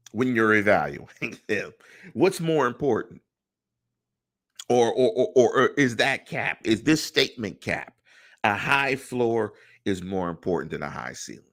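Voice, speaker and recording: A man's voice: lowish voice, a bit bright. A middle-aged man hosting a solo sports podcast, talking through his opinions and putting rhetorical questions to his listeners. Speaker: podcast host.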